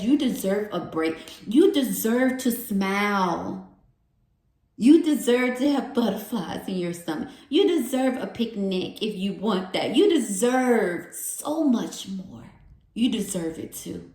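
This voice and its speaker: A woman's voice: medium pitch, warm tone. A woman giving a tarot reading, heartfelt and encouraging, repeating affirmations over and over. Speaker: tarot reader. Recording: roomy echo.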